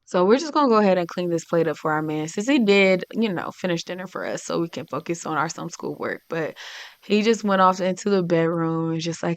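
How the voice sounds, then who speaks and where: A woman's voice: on the low side, fairly quick. A woman giving casual, chatty commentary while playing a life-sim game, narrating her characters' feelings and giggling often. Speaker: gaming channel host. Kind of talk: casual let's play commentary.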